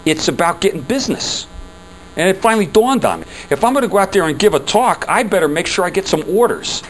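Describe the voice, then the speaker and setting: A man's voice: sits high, very animated, quick pace, a little hiss or hum, low-quality recording. An older man giving a casual presentation to a room of business customers, telling chatty stories and putting asides to the audience.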